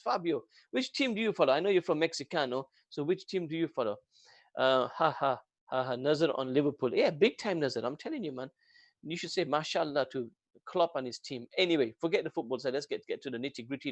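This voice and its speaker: A man hosting a local radio show in casual chat, jokey and rambling, with a British accent, getting excitable and reading phone numbers out slowly. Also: on the high side, no echo. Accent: British English. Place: radio studio.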